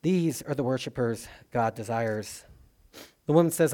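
A man's voice: mid-range voice, a little slow, darkish tone. Conversational male pastor preaching. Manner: conversational, dynamic, with frequent fillers and restarts. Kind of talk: sermon.

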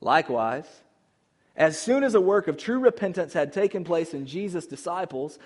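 A man preaching a sermon to his church, moving between loud emphatic calls and hushed, tender passages. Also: a little high, lively intonation, normal speed. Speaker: pastor. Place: church sanctuary.

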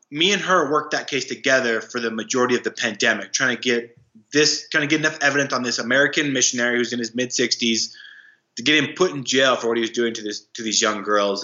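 A young man, a guest in an interview, telling a story in a halting way with many fillers and restarts. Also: medium pitch, sharp tone. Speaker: guest, anti-trafficking worker. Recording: roomy, dull lo-fi sound.

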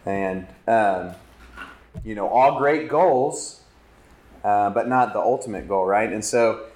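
Low-voiced man telling his story in an echoey hall. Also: slow, a little mellow. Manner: candid, self-deprecating storytelling. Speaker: campus ministry speaker. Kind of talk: conference talk.

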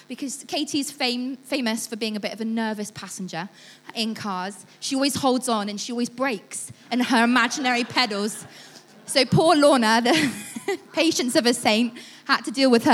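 Lively woman telling a story. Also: on the high side. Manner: lively storytelling, acts out voices, laughs often. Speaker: church speaker. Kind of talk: storytelling sermon.

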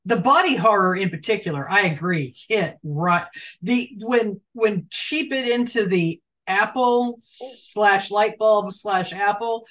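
Woman, podcast co-host, animated, emphatic, casual chat. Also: mid-range voice, slow, far from the mic.

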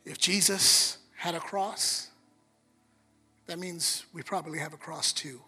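A male pastor preaching a sermon, telling a story with lively, acted-out quotes. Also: fairly high pitch, unhurried, breathy edge. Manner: animated storyteller, acts out quotes. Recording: long reverb of a large hall, soft music behind.

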